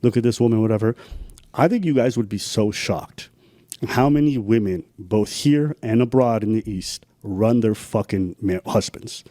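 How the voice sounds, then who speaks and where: A man's voice: on the low side, normal speed, dark tone, no echo, clean studio sound. A man hosting a stream, reacting to clips in blunt, profane casual commentary. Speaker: streamer host.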